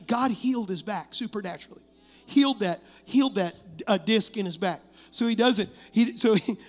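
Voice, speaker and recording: Man, pastor, sermon, very high voice, lively storytelling, long hall echo. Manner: animated storytelling preacher, laughing through stories. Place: church sanctuary.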